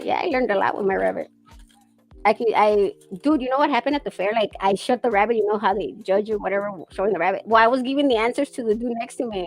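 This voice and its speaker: A woman hosting a casual chat, rambling through stories with plenty of swearing and laughter. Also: mid-range voice. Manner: profane, rambling storyteller who laughs often. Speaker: podcast host.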